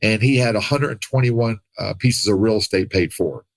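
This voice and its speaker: A man telling his life story as a podcast guest, animated, acting out the people he quotes and laughing often. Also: fairly low pitch, normal speed, vocal fry, dry recording, poor audio. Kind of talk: casual storytelling.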